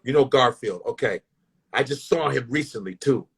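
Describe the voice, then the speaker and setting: Husky, profane comedian telling stories. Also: male voice, mid-range voice, normal speed. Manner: profane, animated, full of restarts. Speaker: stand-up comedian, guest. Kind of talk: casual storytelling.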